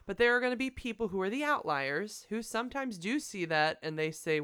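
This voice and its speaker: Therapist woman, smooth clear voice. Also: mid-range voice, animated, a little fast, a bit bright. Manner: thoughtful, explains with examples, frequent "like" and "um". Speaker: sex therapist, co-host. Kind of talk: casual podcast discussion.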